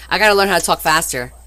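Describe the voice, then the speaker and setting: A woman's voice: on the low side, bright, forceful tone. A woman hosting a chatty live auction of her scrapbooks, cheerful and laughing often as she calls out the bids.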